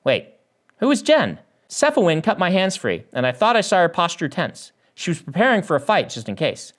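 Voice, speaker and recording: Animated man reading his own novel. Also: fairly high pitch, moderate pace. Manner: animated reading that lifts the voice for dialogue. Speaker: author.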